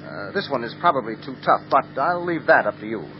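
An actor playing a sharp male lawyer who asks quick, probing questions in a 1950s radio drama. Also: mid-range voice, lively intonation, background noise, close to an everyday voice. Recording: dull lo-fi old radio recording.

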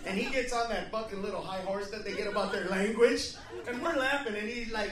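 Loud, profane stand-up man, high voice. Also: brisk, far from the mic. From United States. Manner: loud, profane, acts out characters in shouted put-on voices. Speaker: stand-up comedian. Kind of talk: stand-up comedy. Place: comedy club stage. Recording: echoey venue, crowd laughter, loud noise.

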